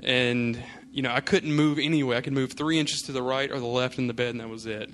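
A man's voice: medium pitch, fairly even intonation, fairly quick, fairly bright tone. A male pastor telling a personal story in a casual, rambling way before turning to his sermon. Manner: casual storytelling, many fillers.

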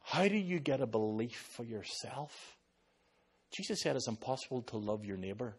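A man with an Irish accent, a pastor preaching a sermon and telling stories in an animated way, slipping into other people's voices. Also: medium pitch, moderate pace, slightly rough. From Ireland.

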